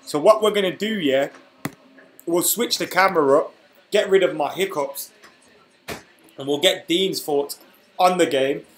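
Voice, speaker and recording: A man's voice: on the high side, a little slow, long pauses, roomy sound, a little hiss or hum, rough recording. A young man hosting a football live stream, chatting casually and reading out viewer comments while he has the hiccups. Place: room at home.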